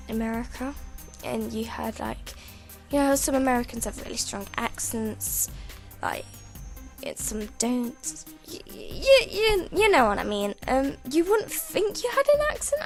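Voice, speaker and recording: A woman's voice: high voice, creaky, darkish tone. A British woman chatting casually at her home computer during a game-building video, rambling and stumbling over her words with frequent giggles. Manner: rambling, self-interrupting, giggly. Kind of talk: casual gameplay commentary.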